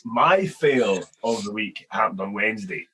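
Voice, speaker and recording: A young man hosting a podcast, telling a story in a casual, animated way with plenty of swearing. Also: on the low side, a little slow, husky. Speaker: podcast host. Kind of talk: casual chat.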